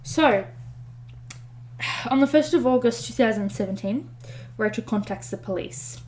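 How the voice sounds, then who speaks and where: A woman's voice: fairly high pitch, measured pace, a little mellow. Chatty woman podcaster telling a story. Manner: chatty retelling with many fillers and self-corrections. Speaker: podcast co-host. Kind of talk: casual storytelling chat.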